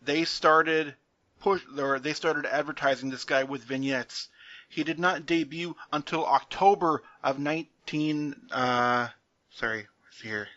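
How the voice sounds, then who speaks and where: A man's voice: on the high side, steady tone, measured pace, sharp tone, no echo, dull audio. A man co-hosting a podcast, recapping a match in a joking, laugh-filled way. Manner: jokey play-by-play recapping, laughs often. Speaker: podcast co-host. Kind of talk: casual wrestling recap chat.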